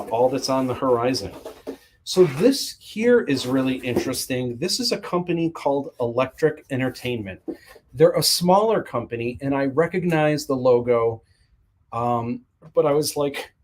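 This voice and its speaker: Guy doing a chill livestream, reads out comments and chats back, middle pitch voice. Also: a little hiss or hum. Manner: reads viewer comments aloud and answers chattily. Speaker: livestream host. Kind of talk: casual livestream chat.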